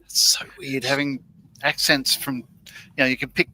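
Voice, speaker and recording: A man's voice: mid-range voice, level tone, normal speed, sharp tone, no room sound, low-quality recording. An Australian man chatting as a guest on a livestream, easygoing and encouraging, with many fillers. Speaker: panel guest. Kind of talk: casual chat. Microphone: video call.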